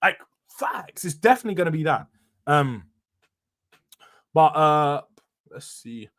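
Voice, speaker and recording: A young man chats loosely on a football live stream. His voice sits a little high, and his delivery is casual and opinionated, full of slang and quick laughs. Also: lively intonation, a bit bright. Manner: chatty and opinionated, laughs often, uses slang. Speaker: football channel host reading live chat.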